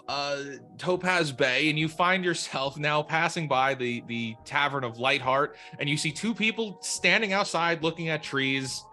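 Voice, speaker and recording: A man narrating a tabletop game as game master, in a relaxed, meandering way. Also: a little high.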